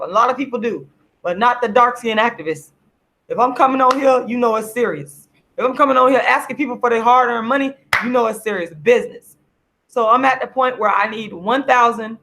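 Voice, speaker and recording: A tired, sleepy woman hosting a casual livestream, speaking in an earnest, repetitive, drawn-out way to viewers through her camera. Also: mid-range voice, a bit bright. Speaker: livestream host.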